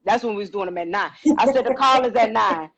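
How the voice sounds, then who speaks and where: A woman's voice: mid-range voice, fast talker, a crowd in the background, rough recording. A middle-aged woman co-hosting a podcast, telling a story in casual chat and acting out the quotes. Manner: animated, acts out quotes, exclaims. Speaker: podcast co-host.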